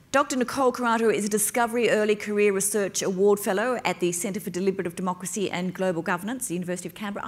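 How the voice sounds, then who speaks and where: Lively woman moderating a panel. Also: mid-range voice. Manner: lively, playful asides while reading bios. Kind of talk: live panel introduction. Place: stage at a university event.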